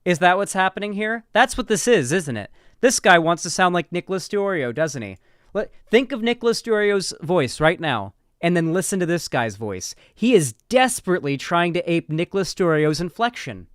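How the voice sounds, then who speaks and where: A man's voice: sits high, sing-song, moderate pace, a bit bright, clean tone, no room sound, studio quality. A man doing casual commentary, sarcastic and rambling, with frequent swearing. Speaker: political commentary streamer.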